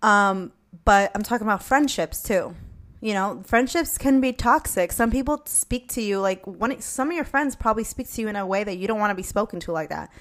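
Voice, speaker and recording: A young woman talks straight to her listeners in a casual advice chat. She is blunt and a little profane, with a mid-range voice. When she acts out her own comebacks, her delivery gets more animated. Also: mid-range voice, fairly quick. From Latina. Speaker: podcast host.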